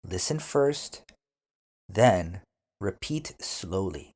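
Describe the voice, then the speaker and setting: A man hosting a beginner English lesson podcast, speaking deliberately and repeating each phrase clearly for learners. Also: on the low side, sing-song, darkish tone. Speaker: English teacher, podcast host.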